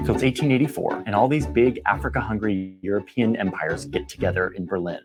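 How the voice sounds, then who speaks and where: A man's voice: fairly low pitch, brisk, hardly any pauses, darkish tone, breathy edge. A man narrating a history explainer in a casual, conversational way, with wry slangy asides and dramatic beats. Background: background music.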